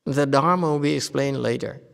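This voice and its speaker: A man teaching a Buddhist Dharma lecture, telling stories in a lively way and acting out the people he quotes. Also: medium pitch, fairly quick, vocal fry, clear, resonant tone, long reverb tail. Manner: lively storytelling, acts out quoted speakers, laughs often. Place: Buddhist meditation hall.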